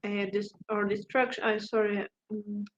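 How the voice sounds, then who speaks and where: A woman's voice: medium pitch, little pitch movement, normal speed. A woman student reading a text aloud in an online class, carefully, sometimes stumbling and correcting herself. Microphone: video call. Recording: muffled call audio with faint noise.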